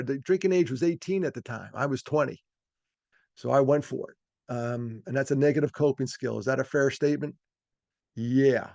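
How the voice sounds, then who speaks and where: A man's voice: mid-range voice, creaky, darkish tone, dry recording. Folksy man on a dull video call. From New York. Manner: folksy, self-deprecating, rambling with fillers. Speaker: speaker. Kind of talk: storytelling talk.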